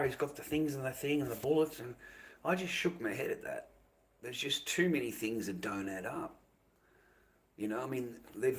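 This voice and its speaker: Aussie bloke going off on his stream, heated and sweary, keeps saying the same thing twice. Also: mid-range voice. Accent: Australian. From Australia. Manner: heated, swears constantly, repeats himself. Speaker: live streamer. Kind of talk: angry profane rant.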